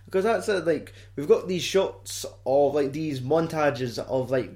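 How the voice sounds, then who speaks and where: A young Scottish man with a slightly higher-pitched voice chats casually. His humour is dry and mocking, and he swears freely as he picks a film apart. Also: measured pace, darkish tone. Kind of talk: casual chat.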